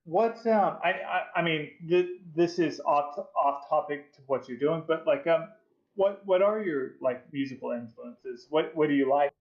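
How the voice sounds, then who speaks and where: A man's voice: a little high, moderate pace. A man from the United States hosting a casual chat, hesitant and stammering, full of fillers. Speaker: host. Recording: roomy, dull lo-fi mic.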